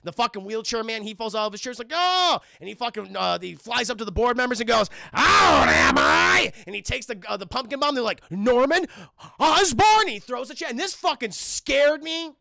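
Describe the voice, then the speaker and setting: A man hosting a livestream, casually reviewing a film for his chat in a profane, animated way. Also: very high voice, fast, creaky, few pauses, dry recording. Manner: acts out lines in put-on voices. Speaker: livestream host.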